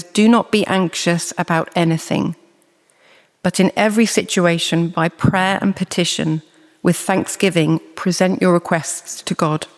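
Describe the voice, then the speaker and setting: A preacher giving a sermon in a measured, earnest way, reading scripture slowly and deliberately. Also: mid-range voice, in a large hall.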